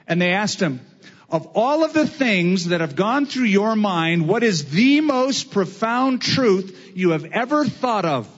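Male preacher, high voice, deliberate drawn-out sermon delivery. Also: long reverb tail, dull audio. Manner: slow, emphatic preaching with drawn-out phrases. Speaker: pastor.

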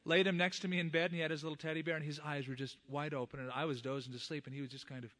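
A man's voice: on the high side, flat delivery, very fast, fairly bright tone. A middle-aged man, a pastor, preaching a sermon and earnestly addressing the fathers in the congregation.

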